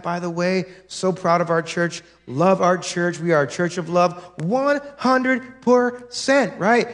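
A male pastor preaching a sermon in a church, emphatic and direct, often stopping to say "listen" and check "right?" with the congregation. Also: sits high. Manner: emphatic, drives points home with repeated "listen" and "right?". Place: church sanctuary.

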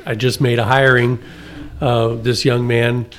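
A man's voice: medium pitch, level tone, unhurried, a little hiss or hum. A man on a casual workplace podcast who tells funny stories and laughs easily. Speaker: co-host, hiring manager. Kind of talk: casual chat.

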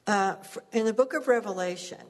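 A woman's voice: mid-range voice, a little fast, in a large hall. A woman preaching a sermon, telling stories earnestly and laughing at herself now and then.

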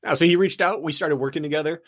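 A man's voice: fairly high pitch, fast, a bit bright. A man hosting a running podcast and coaching his guest, talking in a chatty, upbeat way. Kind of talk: casual chat.

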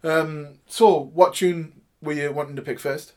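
A slightly higher-voiced man hosts a relaxed music show. He chats loosely and jokes with his guests, cursing now and then. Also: measured pace. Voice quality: chatty, jokey, swears casually. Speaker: radio show host. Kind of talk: casual chat.

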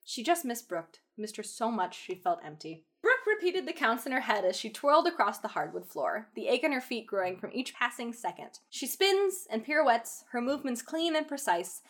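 A woman's voice: a little high, sing-song, normal speed, hardly any pauses, a bit bright. A young woman co-hosting a comedy podcast, reading fan fiction aloud and joking with friends, often breaking into laughter. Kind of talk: casual comedic reading and chat.

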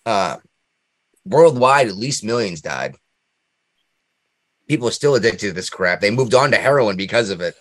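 A man's voice: on the low side, lively intonation, moderate pace, long pauses, fairly bright tone, dry recording, studio quality. A man hosting a podcast in casual chat, rambling, laughing often and ranting with strong opinions. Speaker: podcast host.

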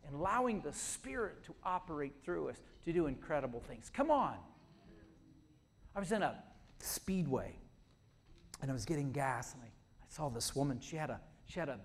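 High-voiced man preaching a sermon. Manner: storytelling, building to shouted exhortation. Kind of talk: sermon with storytelling.

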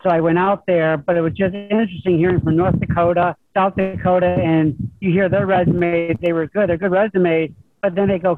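A middle-aged man, a high school golf coach, talking over the phone in a rambling, humble way with many restarts. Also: fairly even intonation, quick pace, few pauses, no room sound, faint music behind. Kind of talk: phone interview guest. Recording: tinny phone line.

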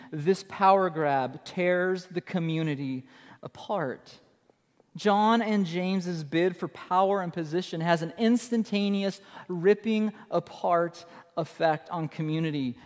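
High-voiced man preaching in a reverberant hall. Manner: emphatic, repeats key phrases, casual asides. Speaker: pastor. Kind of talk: sermon.

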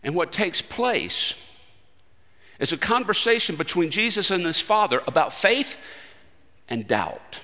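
A man preaching a sermon with emphatic delivery, swinging between loud stressed phrases and quiet low asides. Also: very animated, unhurried, pauses often, in a large hall.

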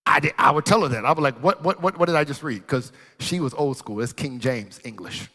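A man preaching and telling a story, animated, swinging from loud bursts to hushed tones. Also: on the high side, fairly quick. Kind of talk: sermon storytelling. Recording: long reverb in a large hall.

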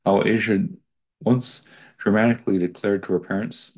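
Man, very low voice, husky tone, reads an article aloud, digressive asides. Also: fairly even intonation, a little mellow. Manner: digressive, pausing to add his own comments.

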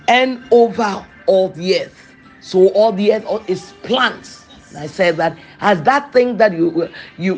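An emphatic preacher delivering a sermon, firing off rhetorical questions and hammering key words again and again. The delivery swings from loud, punchy bursts to quiet, soft asides. Faint music plays softly in the background. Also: mid-range voice.

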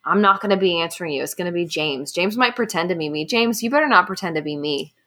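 A woman's voice: fairly low pitch, expressive, fast, sharp tone. A woman co-hosting a podcast in casual chat, telling stories and teasing her co-hosts. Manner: chatty, storytelling, playful teasing. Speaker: podcast co-host.

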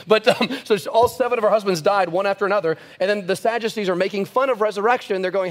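A male pastor giving a conversational Bible teaching, lively and animated, slowing down to stress scripture and often restarting his sentences. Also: high-pitched. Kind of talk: sermon-style Bible teaching. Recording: long reverb in a large room.

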